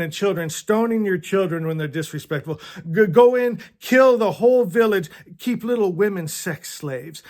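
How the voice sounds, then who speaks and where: A man teaching as a self-styled magus in an impassioned spiritual talk to his followers. He is fiery and emphatic, swears freely and often stammers and restarts mid-sentence. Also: high voice.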